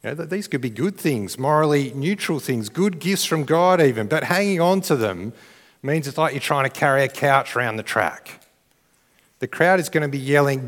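A man's voice: mid-range voice, expressive, moderate pace. Male preacher, casual and earnest, repeats words as he builds, reverberant church hall sound. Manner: conversational, restarts phrases, rises to shouted crowd cheers. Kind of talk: sermon.

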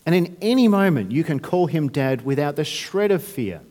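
A man's voice: fairly high pitch, lively intonation, moderate pace, a little mellow, in a large hall. A man preaching a sermon, talking conversationally with restarts and rhetorical questions. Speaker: pastor.

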